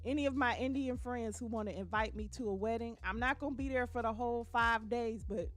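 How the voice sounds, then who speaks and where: A woman's voice: fairly quick, faint music behind. A woman hosting a casual live stream, chatting with viewers and reading their comments aloud, speaking. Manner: chatty, reads viewer comments aloud, drops to a low voice at times. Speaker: livestream host. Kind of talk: casual livestream chat with viewers.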